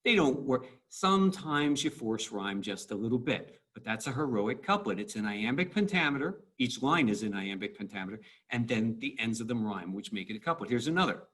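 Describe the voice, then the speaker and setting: A man's voice: medium pitch, animated, fairly quick, few pauses, a bit bright, slightly rough. A male teacher giving a recorded online lesson in a casual, thinking-aloud way, breaking poetry lines into syllables.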